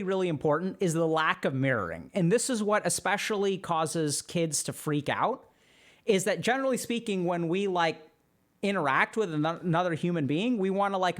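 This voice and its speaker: Animated man explaining on a livestream. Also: high-pitched. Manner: animated, conversational, frequent fillers. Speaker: streamer and psychiatry educator.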